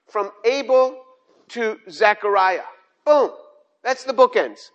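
A man's voice: high-pitched, animated, slow pace, a bit bright, lo-fi sound. An older man preaching a sermon, emphatic, repeating key phrases and restarting sentences as he goes. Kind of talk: sermon on scripture.

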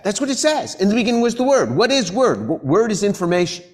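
A middle-aged man preaching and teaching scripture, earnest, repeating key phrases and reading verses slowly. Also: high voice, sing-song, a little mellow. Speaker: preacher and professor. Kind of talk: sermon teaching.

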